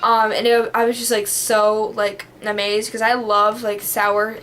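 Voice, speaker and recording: A woman's voice: mid-range voice, level tone, a little slow, fairly bright tone, a little hiss or hum. A woman vlogging in a casual, rambling monologue that is full of fillers and has a bubbly, dramatic manner. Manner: rambling, heavy on the filler word "like".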